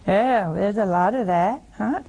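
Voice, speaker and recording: A woman's voice: mid-range voice, measured pace, warm tone, rough recording. A woman preaching a sermon in a folksy, teasing way, often asking her listeners questions.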